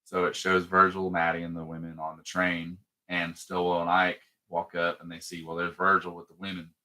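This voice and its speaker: A man co-hosting a casual podcast, excitedly recapping a film scene by scene, swearing freely and acting out the characters' lines. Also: low voice, moderate pace. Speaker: podcast co-host.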